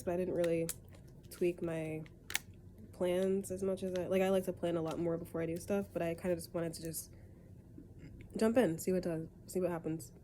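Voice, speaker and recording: A young woman with a stuffy cold gives a casual tarot reading from her bed at home, rambling loosely and correcting herself as she goes. Her voice sits lowish with a dark tone, and there's slight background noise.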